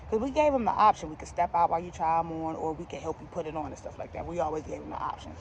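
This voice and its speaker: A young adult woman telling a comedic storytime in a casual, slangy, animated way, laughing along as she goes. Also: fairly low pitch, fairly quick, lo-fi sound, slight background noise.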